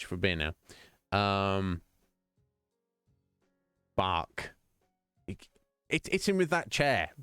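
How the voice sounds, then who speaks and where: A man's voice: on the low side, fairly bright tone, clear, resonant tone, dry recording, studio quality. A man streaming live, chatting casually and jokingly with his viewers in a rambling way. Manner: rambling, jokey, chatty, addresses viewers by name.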